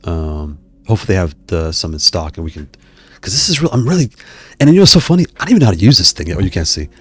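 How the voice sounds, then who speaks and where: A man's voice: sits low, very animated, rapid-fire, husky. A man hosting a live stream, chatting casually with viewers in a rambling way, often stopping himself mid-sentence. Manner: rambling, self-interrupting, digressive. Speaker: YouTube host reading live chat.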